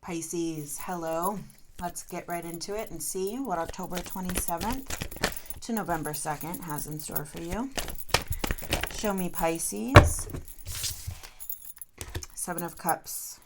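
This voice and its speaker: A woman's voice: on the low side, a little slow, heavy background noise. A woman doing a solo tarot reading, talking straight to her viewers in an emotional, encouraging way. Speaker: tarot reader.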